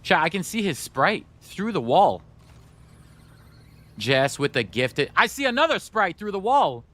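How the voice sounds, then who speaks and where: A man's voice: high voice, very animated, unhurried, a bit bright. A man streaming a video game live, chatting playfully to his viewers and whining in mock sadness. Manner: playful, talks to chat, mock-sad whining. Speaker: gaming streamer. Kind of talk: live gameplay commentary.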